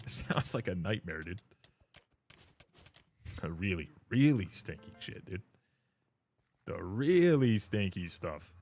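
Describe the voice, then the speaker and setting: Low and sing-song, a Canadian man drifts through relaxed live-stream chatter at a slow pace, pausing often and sounding a little mellow. Expect plenty of swearing, frequent laughs, and repeated calls of dude and brother.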